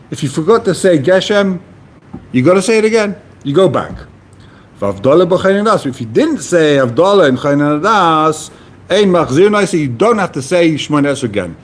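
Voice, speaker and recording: Teaching a Talmud class, a man reads Aramaic phrases aloud and then translates them into plain, casual language for a study partner, with an animated delivery. His voice is fairly high and slightly rough.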